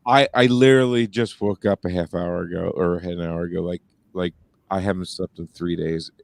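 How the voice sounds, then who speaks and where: A man's voice: sits low, fairly even intonation, moderate pace, vocal fry, dry recording. A man co-hosting a podcast in casual chat, telling stories in a rambling way with many fillers and restarts. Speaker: podcast co-host.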